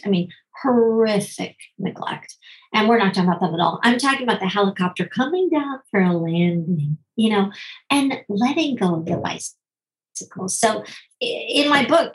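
A middle-aged woman who works as a physician and writes about parenting answers interview questions in quick bursts, slowing down to stress key points. She often acts out quoted voices with big leaps in pitch. The audio quality is poor.

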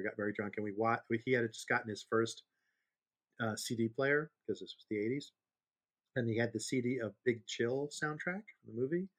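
Podcast co-host, male, 50s, loose rambling storyteller, easy laugh. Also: on the low side. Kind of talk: casual chat.

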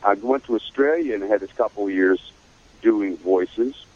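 An older man, a voice actor, telling career stories in a casual interview, animated and slipping into voices. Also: on the low side, normal speed, phone-quality sound. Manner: animated storyteller who slips into voices. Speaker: voice actor guest.

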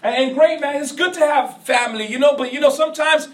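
A man preaching a sermon as pastor, in a call-and-response style that rises to shouts. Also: very high-pitched, fast talker. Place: church sanctuary. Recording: echoey church hall from far off.

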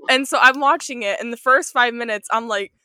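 A woman co-hosts a movie podcast and chats frankly with frequent laughter. Her voice sits a little high and sounds bright and sharp. It is recorded dry and close to the mic. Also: brisk, no room sound. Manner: laughs often, candid and blunt. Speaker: podcast co-host. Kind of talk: casual chat.

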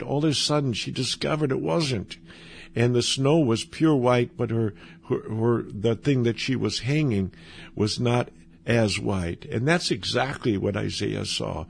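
A male pastor from Minnesota delivers a sermon in a relaxed, conversational way. His voice is gravelly and husky, with a rough fry at the ends of phrases. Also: mid-range voice. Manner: conversational preaching with restarts and chuckles.

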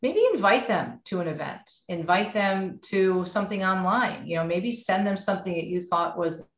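A middle-aged woman, a radio host, chatting with warm encouragement in a casual podcast conversation. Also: mid-range voice, normal speed. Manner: warm, animated and encouraging, speaks of faith. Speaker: radio host and author guest. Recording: roomy echo.

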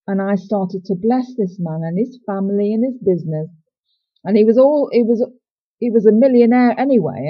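A woman's voice: mid-range voice, husky, highs cut off. A woman sharing a personal faith testimony in an earnest, reflective and candid way.

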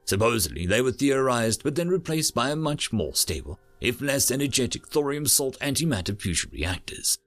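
A man narrates an audiobook with expressive, storyteller flair. His voice sits in the mid range, moving at a normal speed with few pauses.

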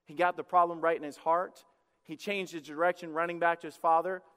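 A man's voice: fairly high pitch, flat delivery, fairly quick, fairly bright tone, clear, resonant tone. A male pastor preaching a sermon with passion, acting out quoted prayers and pleas. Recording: long hall reverb.

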